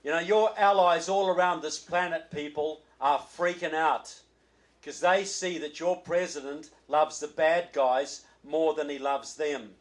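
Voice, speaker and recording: A man's voice: a little high, fairly even intonation, measured pace, low-quality recording. A man with a New Zealand accent, a guest speaker giving a political speech at a reception, folksy with joking asides and repeated words as he starts phrases.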